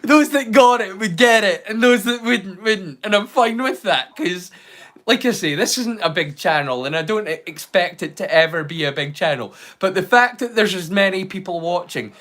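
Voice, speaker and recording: A man's voice: high-pitched, expressive, moderate pace, fairly bright tone. A man hosting a live movie watch-along, rambling casually with jokes and the odd swear word. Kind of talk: casual live-stream chat.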